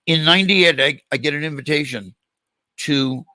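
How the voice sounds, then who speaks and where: A man's voice: on the high side, moderate pace, no echo. An older man hosting an interview, telling a long anecdote and acting out the dialogue in it. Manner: animated storyteller, acts out quoted dialogue. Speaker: podcast host. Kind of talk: storytelling in a casual interview.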